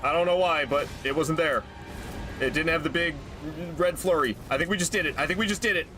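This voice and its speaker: A man's voice: a little high, a little fast, music in the background. A man streaming a video game, chatting casually and drifting into profane rants between fights. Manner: rambling, swears freely, goes off on rants. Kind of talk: casual gameplay commentary.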